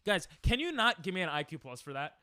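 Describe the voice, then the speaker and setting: A young man streaming a game, chatting casually and reacting excitably to chat on a headset mic. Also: sits high, fast talker, no echo, clean studio sound. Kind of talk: casual live-stream chatter while gaming.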